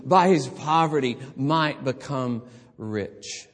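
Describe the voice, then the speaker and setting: Slow, dramatic male preacher in a hall. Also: a little high, big pitch swings, breathy edge. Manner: slow, dramatic swings between hushed and loud. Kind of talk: sermon.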